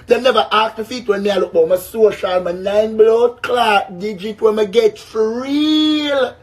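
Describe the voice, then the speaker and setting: A man's voice: high-pitched, a little slow. A man from Jamaica with a Jamaican accent, ranting casually to his viewers in a brash, boastful way, swearing often. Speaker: vlogger. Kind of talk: casual rant to camera.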